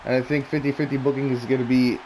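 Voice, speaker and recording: A man's voice: medium pitch, little pitch movement, fast, dark tone, a little hiss or hum. A man talking casually and bluntly, rambling through opinionated predictions with plenty of swearing. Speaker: wrestling commentary vlogger.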